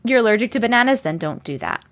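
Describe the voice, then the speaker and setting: A woman's voice: a little high, very animated, fast. A woman hosting a live stream, chatting casually with viewers, reading out their comments and laughing often. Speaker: livestream host reading viewer stories.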